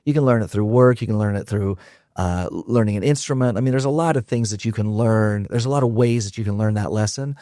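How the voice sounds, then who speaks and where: Warm low-voiced male podcast host. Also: a little fast, no echo, studio quality. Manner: affirming, reflective, leads with questions. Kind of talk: conversational interview.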